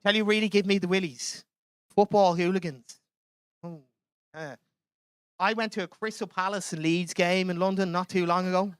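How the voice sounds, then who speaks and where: A man's voice: sits high, steady tone, moderate pace, pauses often, smooth, no echo, clean studio sound. A young Irish man doing a chatty, self-mocking stand-up comedy set in a club. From Ireland.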